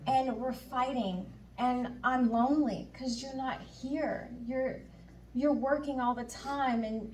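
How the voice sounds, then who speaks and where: In a conference hall, a woman gives a candid personal testimony, acting out her own past dialogue and inner voice. Her voice is fairly high, and the echoey recording captures her from far off with slight background noise.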